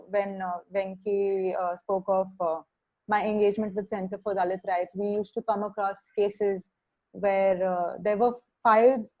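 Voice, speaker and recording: A woman's voice: medium pitch, dark tone, low-quality recording. Hesitant Indian woman giving a webinar talk. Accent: Indian English. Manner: halting, many fillers and restarts. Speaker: webinar speaker, criminal justice social worker.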